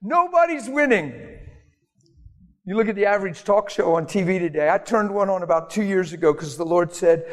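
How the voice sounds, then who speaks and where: An earnest preacher delivers a sermon in a plain, conversational way. His voice sits a bit high for a man and springs into high mock voices now and then. The sound rings with the long reverb of a church sanctuary. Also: fairly even intonation, quick pace, hardly any pauses.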